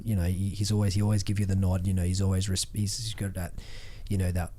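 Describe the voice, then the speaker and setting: Mellow-voiced Australian man, swearing storyteller. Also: low-pitched, level tone, fast talker, slight background noise. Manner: rambling storytelling with frequent swearing and restarts. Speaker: podcast guest, former fighter. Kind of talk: casual podcast chat.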